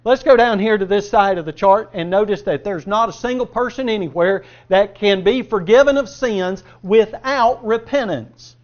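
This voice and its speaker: A high-pitched male preacher delivers a sermon, throwing questions at the congregation and answering them himself. He swings between loud, stressed phrases and low, quiet asides. The recording is dull and lo-fi. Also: normal speed, few pauses.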